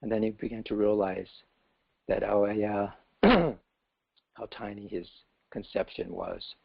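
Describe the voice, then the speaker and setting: A man's voice: fairly low pitch, very animated, slow pace, gravelly, slightly rough, no echo. A man giving a scripture class, telling a story in a casual way with many fillers. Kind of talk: storytelling lecture. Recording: dull lo-fi class recording.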